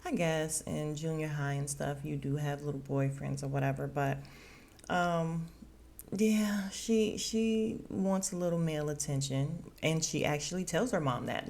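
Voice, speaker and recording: A young woman hosts a casual podcast recap with a chatty, animated delivery. She leans on slang and laughs often as she talks. Her voice sits fairly low for a woman. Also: unhurried, creaky. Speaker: podcast host.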